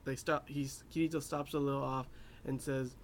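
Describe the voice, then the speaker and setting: A man's voice: medium pitch, flat delivery, normal speed. Young guy rambling through an anime recap, lots of you knows, a bit of hiss behind. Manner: rambling, many fillers, laughs at his own asides. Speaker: anime reviewer. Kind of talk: casual episode recap.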